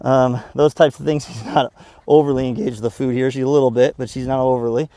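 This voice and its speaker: A man demonstrating dog training, talking through his method in a relaxed, casual way. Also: fast talker, dry recording. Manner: relaxed explaining, breaking into high excited calls to the dog.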